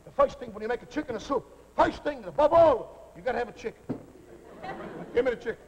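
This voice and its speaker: In a live TV comedy sketch, preserved on a scratchy, hissy 1949 television recording with a faint crowd, a boisterous middle-aged male Italian cook is played as a mock-Italian character. His voice is very high-pitched, very fast and gravelly, and he excitably mixes broken English with Italian-sounding double-talk.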